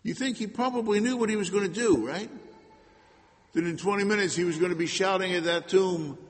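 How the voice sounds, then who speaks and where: A man preaching a sermon in an earnest way, moving between loud emphasis and hushed asides. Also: high voice, fairly quick. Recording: long hall reverb.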